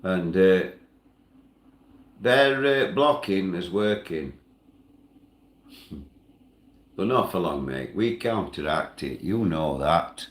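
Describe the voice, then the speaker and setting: A man ranting and chatting on a livestream in broad northern dialect, with loud outbursts. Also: sits low, lively intonation, slow pace, long pauses. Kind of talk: angry livestream rant. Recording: echoey room.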